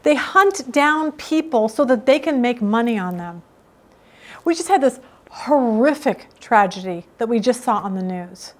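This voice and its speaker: A woman's voice: a little high, expressive, a little slow. A middle-aged woman teaching a Bible study in a casual, emphatic, storytelling way.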